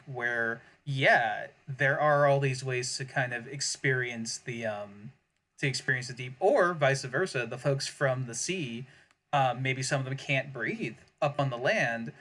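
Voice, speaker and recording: A man's voice: medium pitch, unhurried, fairly bright tone. A man co-hosting a tabletop gaming podcast, rambling casually through setting ideas, often repeating himself and laughing. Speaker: podcast co-host. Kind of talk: casual worldbuilding chat.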